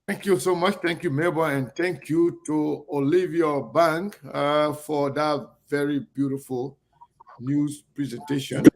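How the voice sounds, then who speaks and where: A man hosting an online talk show in casual chat, halting and repeating himself as he greets viewers. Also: on the high side, fairly even intonation. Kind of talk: casual live-stream chat.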